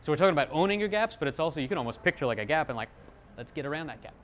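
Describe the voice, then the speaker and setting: A middle-aged man speaks to a live audience in a slightly high voice, lively and self-mocking. He acts out quoted lines as he goes. A faint hiss sits under the recording. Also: racing. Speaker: psychologist giving a talk.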